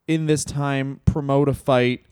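A man's voice: medium pitch, fairly even intonation, unhurried, darkish tone, clean tone, no room sound, studio quality. A man co-hosting a wrestling history podcast, talking in a rambling, joking way. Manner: rambling, joking, slips into silly accents. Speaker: podcast co-host. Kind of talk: casual comedic chat.

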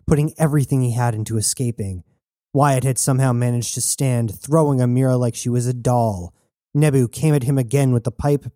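A man narrating an audiobook in a steady, measured way, recorded close and dry. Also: mid-range voice, no echo.

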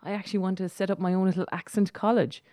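A woman's voice: medium pitch, fairly even intonation, fast, warm tone, no echo, studio quality. An Irish woman co-hosting a casual chat, reviewing a film with chatty, sarcastic asides. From Ireland. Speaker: co-host.

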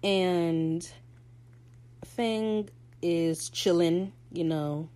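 Opinionated woman with a lowish voice. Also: warm tone. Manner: slangy, opinionated, quick to laugh. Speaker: podcast host. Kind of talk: casual episode recap chat.

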